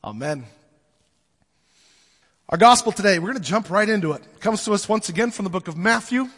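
A man's voice: high-pitched, animated, a little fast, a bit bright, breathy edge, long reverb tail. A man preaching a sermon as pastor, conversational and casual, with everyday fillers.

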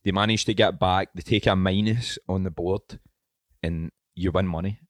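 A man's voice: sits low, fairly even intonation, moderate pace, dry recording, clean studio sound. A man chatting casually as a podcast co-host, swearing and joking through loose banter. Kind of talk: casual chat.

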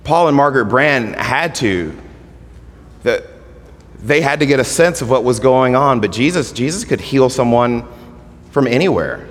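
A male pastor giving an earnest sermon. He swells to emphatic points, then drops quiet and stretches out his words. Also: mid-range voice, expressive, moderate pace. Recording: long hall reverb.

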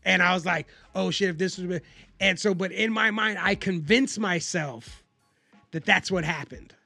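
High, gravelly man telling a profane story. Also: moderate pace, no room sound, soft background music. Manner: profane, animated storyteller acting out quotes. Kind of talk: casual storytelling chat.

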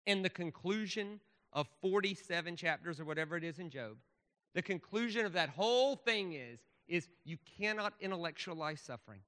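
A man's voice: high-pitched, expressive, moderate pace, bright, forceful tone, in a large hall. A man pastor giving a conversational sermon, asking the audience rhetorical questions.

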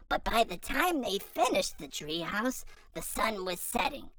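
Slow, hushed woman reading a kids' picture book, bright tone. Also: mid-range voice, sing-song, faint music behind. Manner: half-whispered, hushed reading. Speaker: storyteller.

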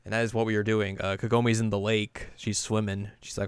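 A man co-hosting a casual podcast, recapping an anime episode and acting out the characters' lines in quick asides. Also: fairly low pitch, level tone, clear, resonant tone, no echo. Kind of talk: casual chat.

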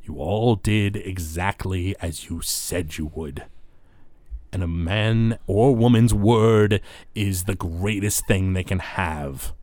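A man voicing a hunched, sinister old devil dealmaker who speaks slowly and smugly. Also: deep voice, a little mellow, dry recording. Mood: gracious. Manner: slow, smug, deliberate.

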